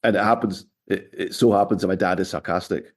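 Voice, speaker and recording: Low-voiced man telling wry stories. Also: fairly even intonation, brisk. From Scotland, raised in Glasgow. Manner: wry, anecdotal storytelling. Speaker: podcast guest. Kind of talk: casual interview chat.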